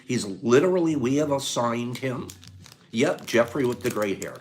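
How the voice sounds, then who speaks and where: A man's voice: medium pitch, lively intonation, moderate pace, darkish tone. A man hosting a casual livestream, talking straight to his viewers and gushing with praise, laughing often as he goes. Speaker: livestream host.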